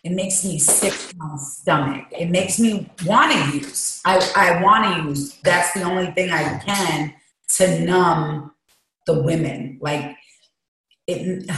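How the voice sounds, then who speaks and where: A woman guest speaking candidly and emotionally in an interview, recorded at a recovery treatment center. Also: lowish voice. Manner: emotional, confessional, emphatic. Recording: very echoey room.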